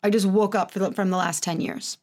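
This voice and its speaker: A woman in her thirties talks alone on her podcast. She is candid and self-mocking, and her pitch often leaps upward. Her voice sits at an ordinary pitch for a woman. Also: fairly even intonation, a little fast, darkish tone. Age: 30s. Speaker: podcast host. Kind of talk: casual solo podcast monologue.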